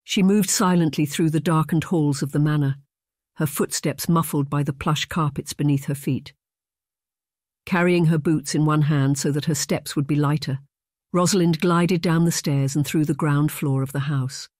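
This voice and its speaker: An audiobook narrator reading a romance novel in a steady, measured storytelling manner. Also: mid-range voice, no room sound, clean studio sound. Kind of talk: scripted narration.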